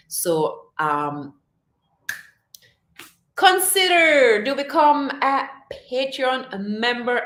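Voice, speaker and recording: Woman chatting slowly on a livestream, kinda high voice, lots of laughs, echoey room. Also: fairly bright tone. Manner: chatty, laughs often, reads viewer comments aloud. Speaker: livestream host. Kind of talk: casual livestream chat.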